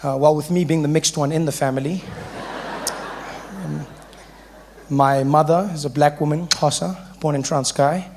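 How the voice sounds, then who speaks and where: A man's voice: a little high, fairly even intonation, moderate pace, pauses often, darkish tone, slight background noise. A male stand-up comedian with a South African accent telling a playful story.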